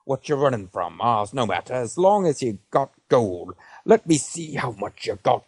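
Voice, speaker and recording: A man's voice: mid-range voice, sing-song, normal speed, a little mellow, breathy edge, no room sound, voice pushed up. A man doing a drunken, greedy pirate captain. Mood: drunken bluster. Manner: slurring pirate talk.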